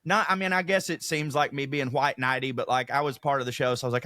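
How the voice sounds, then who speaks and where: A man with a Southern US accent co-hosting a podcast, telling stories in an animated, profane way. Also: medium pitch, quick pace, no echo, studio quality. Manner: animated, profane, acts out quotes. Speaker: podcast co-host. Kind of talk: casual storytelling chat.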